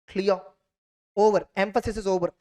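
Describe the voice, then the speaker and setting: A man giving an exam revision lecture on auditing, repeating points and checking "clear?" with students. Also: high voice, steady tone, normal speed, dark tone. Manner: repetitive, quizzing students with "clear?".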